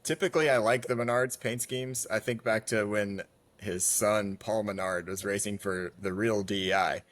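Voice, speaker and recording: A podcast co-host with a low voice tells stories in a chatty, casual conversation. His intonation is fairly even, his speed normal, and his tone fairly bright.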